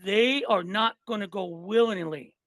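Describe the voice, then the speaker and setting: A man guesting on a podcast, talking in loose, animated chat and cursing freely. He retells comedy bits and repeats himself to drive points home. His voice is recorded dry, with no room sound. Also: high-pitched, a little slow, no echo. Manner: emphatic, repeats himself for stress.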